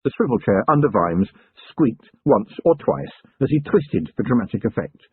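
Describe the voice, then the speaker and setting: A man narrating an audiobook in a measured, dry storytelling manner. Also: mid-range voice, animated, a little hiss or hum. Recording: tinny lo-fi recording.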